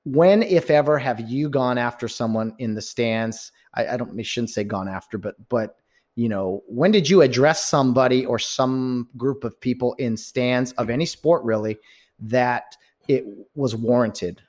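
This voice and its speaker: A man, a baseball umpire and podcast co-host, asking his partner questions in an animated, often laughing, casual chat. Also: medium pitch, unhurried.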